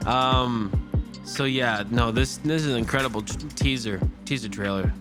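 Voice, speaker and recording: Excitable man reacting to a trailer. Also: mid-range voice, moderate pace, over music. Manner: excitable and rambling, with many fillers and restarts. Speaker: movie trailer reviewer. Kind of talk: casual reaction commentary.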